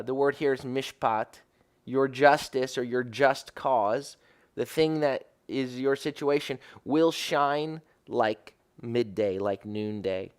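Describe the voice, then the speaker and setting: A man preaching a sermon as rabbi, explaining Hebrew words and often asking "right?". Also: mid-range voice. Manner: teaching Bible verses, explaining Hebrew words; repeats and restarts phrases, asks "right?".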